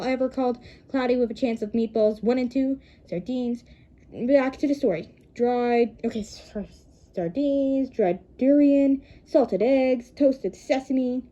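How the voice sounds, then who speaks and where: A woman's voice: sits high, dark tone. A woman reading a novel aloud, stumbling and correcting herself, with chatty asides to listeners. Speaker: reader. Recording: dull lo-fi recording.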